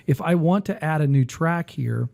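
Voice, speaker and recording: A man hosting a casual talk who rambles and thinks aloud while he clicks through music software. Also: on the high side, lively intonation, normal speed, vocal fry. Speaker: music teacher and podcast host.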